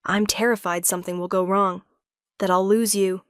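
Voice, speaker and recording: A woman reading the lines of an adoring young male king in her own voice, speaking softly and earnestly in a storybook narration. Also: mid-range voice, steady tone, normal speed, smooth, no echo, clean studio sound, natural voice. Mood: anxious.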